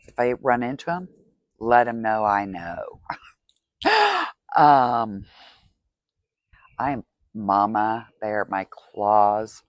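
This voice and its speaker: A woman's voice: a bass voice, no room sound, muffled recording. A woman hosting a podcast, speaking candidly in a confessional monologue, often asking "right?". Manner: candid, tearful, asks rhetorical "right?". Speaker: podcast host.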